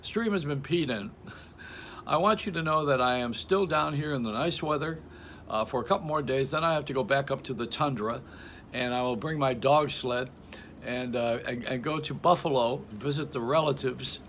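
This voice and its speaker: An older man delivers a rambling comic monologue, hopping from topic to topic and chuckling at his own jokes. His voice sits at an ordinary middle pitch. A faint background hiss runs under the recording. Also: moderate pace, fairly bright tone. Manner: joking, stream-of-consciousness, frequent laughs. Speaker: radio host. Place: home in Florida.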